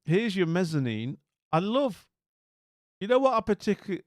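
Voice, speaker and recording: A man's voice: high voice, sing-song, moderate pace, dry recording, clean studio sound. A man streaming casually, rambling and bemused as he talks to viewers, with many restarts and asides. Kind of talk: casual live-stream commentary.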